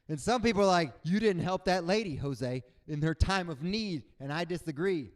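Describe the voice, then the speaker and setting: A young adult man performing a stand-up comedy set, animated, jumping into loud high voices for the people in his stories. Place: comedy stage before a live audience.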